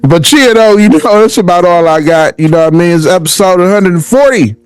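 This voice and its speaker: A man's voice: sits high, expressive, brisk, clear, resonant tone, dry recording. A young American man hosting a solo podcast, ranting casually and profanely and laughing often. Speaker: podcast host.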